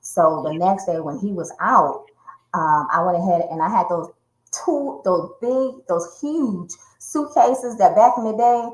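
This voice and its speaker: A domestic violence survivor and speaker, interviewed as a guest, vividly retells her personal story and brings quoted voices to life. Her mid-range voice is darkish in tone and measured in pace, recorded with roomy echo.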